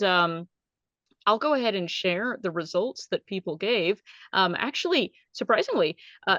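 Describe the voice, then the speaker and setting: A woman's voice: mid-range voice, fairly bright tone, no room sound, muffled recording. A woman co-hosting a casual podcast chat, upbeat and laughing often. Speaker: co-host.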